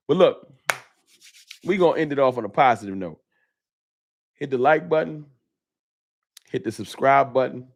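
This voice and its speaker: Man, live stream host, heated casual rant, emphatic and repetitive, swearing, mid-pitched voice.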